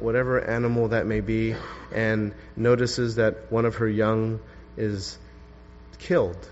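A man preaching an earnest sermon, explaining scripture and reading verses aloud with emphasis. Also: medium pitch. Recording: dull lo-fi sound with long hall reverb.

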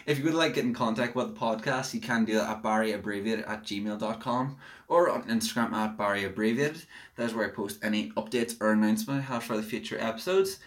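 A young man hosts a relaxed two-person podcast, talking about films in an easygoing, self-deprecating way. He laughs easily between points. The sound is plain, with no proper microphone. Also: fairly low pitch, fast. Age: young adult. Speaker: podcast host. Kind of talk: casual chat.

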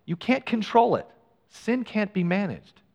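A middle-aged male pastor telling a personal story in a sermon, animated and acting out what people said. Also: sits high, a little slow, gravelly, lo-fi sound. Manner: animated storyteller, acts out quoted lines. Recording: long hall reverb.

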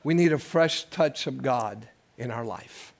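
A man's voice: medium pitch, measured pace, vocal fry. A pastor in his sixties preaching a sermon, moving between folksy storytelling and fervent appeals, with call-outs to the congregation. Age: 60s. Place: church service.

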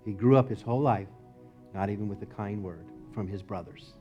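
A male pastor preaching a sermon in a church, moving from loud emphatic lines to low, quiet ones. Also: fairly quick, muffled recording, over music. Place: church sanctuary.

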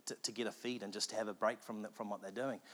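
A man's voice: on the low side, steady tone, quick pace, a bit bright. A man voicing a blunt, offhand diner manager. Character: gruff middle-aged male diner manager.

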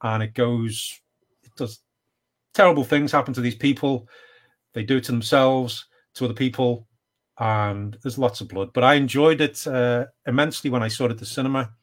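A man's voice: mid-range voice, steady tone, normal speed. A middle-aged man co-hosting a podcast, chatting casually about films with lots of fillers and restarts. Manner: rambling, hesitant with fillers and restarts. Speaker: podcast co-host. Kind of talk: casual chat.

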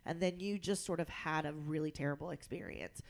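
A woman's voice: sits low, fairly quick, vocal fry. A woman in casual podcast chat, talking in a laid-back, rambling way with many fillers.

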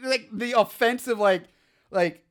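A man's voice: sits high, measured pace. A man co-hosting a podcast, rambling through crude, laughing asides about a horror movie. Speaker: podcast co-host. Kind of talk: casual profane movie discussion.

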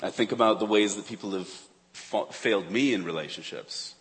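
A man preaching a sermon in a church, earnest, swinging between urgent emphasis and hushed tones. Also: fairly low pitch, brisk. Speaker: pastor. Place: church sanctuary. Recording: long reverb of a church hall.

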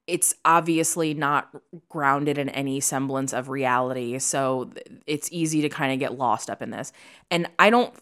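A woman's voice: rumbling low, moderate pace, fairly bright tone, clean tone. A young woman co-hosting a podcast, talking in an emphatic, opinionated, chatty way. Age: young adult. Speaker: podcast co-host. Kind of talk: casual chat.

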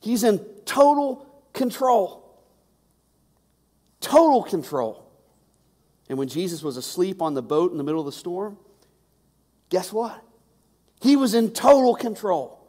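A male pastor with a high-pitched voice gives a conversational sermon, doubling back on words as he presses each point. His voice carries a long reverb from a large hall. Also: big pitch swings, unhurried, pauses often, darkish tone. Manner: conversational, repeats words when emphasizing.

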